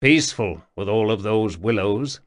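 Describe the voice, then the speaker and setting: A man's voice: on the low side, expressive, normal speed, close to an everyday voice. A man doing a brusque young spirit-seer. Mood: intense. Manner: urgent, commanding. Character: young male spirit-seer, intense, brusque then gentle.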